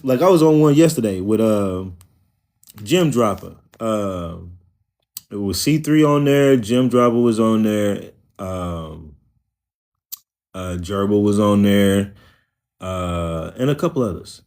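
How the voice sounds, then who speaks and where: A man's voice: fairly low pitch, lively intonation, takes it slowly, darkish tone. A man with an Oklahoma country accent, hosting a livestream in casual, rambling, profane talk. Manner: rambling, profane, loose and conversational. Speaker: livestream host.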